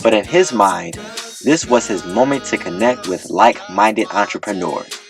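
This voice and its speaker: A man narrating a comedy audiobook with deadpan comic timing on a close mic. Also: fairly low pitch, normal speed, vocal fry, faint music behind.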